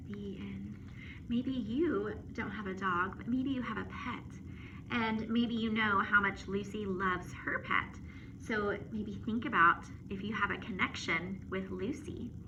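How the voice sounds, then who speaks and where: A woman teacher reading a storybook aloud to children on camera, expressive and playful with asides and sound effects. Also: mid-range voice, unhurried. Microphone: phone or camera. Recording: muffled with steady background noise.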